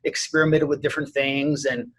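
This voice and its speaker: A man's voice: mid-range voice, flat delivery, fairly quick, a bit bright, a little hiss or hum. A man in his forties, a martial arts instructor and podcast guest, telling a personal story in an earnest, rambling way with lots of "you know" fillers.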